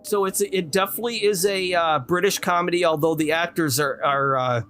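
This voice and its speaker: A man's voice: sits high, fairly even intonation, fairly quick, fairly bright tone, soft background music. A man co-hosting a film podcast, giving background facts in casual chat with plenty of fillers. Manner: informative, filler-heavy. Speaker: podcast co-host.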